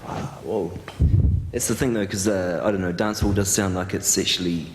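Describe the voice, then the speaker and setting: A man's voice: sits low, steady tone, a little fast, a little hiss or hum. A man interviewing a guest on stage, asking hesitant questions with many fillers. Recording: long hall reverb.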